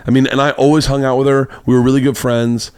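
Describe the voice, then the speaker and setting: A man's voice: medium pitch, flat delivery, fast talker, a little mellow, clean tone, no echo. A man hosting a podcast, telling a long rambling anecdote in casual chat and acting out the quotes in a raised voice. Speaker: podcast host. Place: home studio room.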